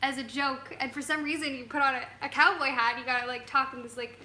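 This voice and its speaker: High bright-voiced chatty young woman. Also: fairly even intonation, fast, reverberant. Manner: chatty, laughs often, reads out viewer comments. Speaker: co-host of a travel channel live stream. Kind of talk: casual live-stream chat. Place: home, on a couch.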